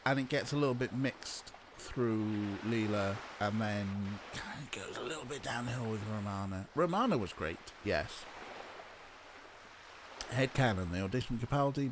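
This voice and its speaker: A man's voice: medium pitch, lively intonation, moderate pace. A streamer talks loosely over gameplay, his voice rising and dipping with plenty of life. He swears freely and chuckles often, with a faint hiss behind him. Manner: chatty, swears, laughs at own jokes. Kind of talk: casual let's-play commentary.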